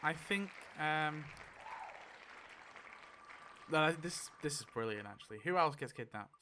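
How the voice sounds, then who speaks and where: A man hosting a casual online chat, excitable, laughing often and swearing freely. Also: a little high, measured pace, some chatter behind, a little hiss or hum. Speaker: YouTube host.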